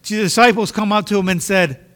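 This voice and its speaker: Emphatic bright-voiced male preacher in a hall. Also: sits high, a little fast. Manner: emphatic, repeats phrases for stress. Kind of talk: sermon. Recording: long hall reverb.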